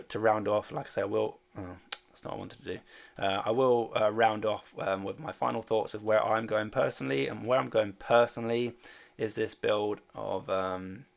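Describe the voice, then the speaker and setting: A man's voice: on the low side, creaky. A man casually chatting on a livestream, rambling and hesitant with many fillers as he answers viewer questions. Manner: reads and answers viewer chat. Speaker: fantasy sports streamer.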